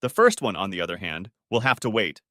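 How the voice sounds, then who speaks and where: A man putting on a loud, hearty Santa voice, jovial and playful. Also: low voice, sing-song, a little fast, no echo, clean studio sound, heavily acted. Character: jolly booming Santa, playful grown man.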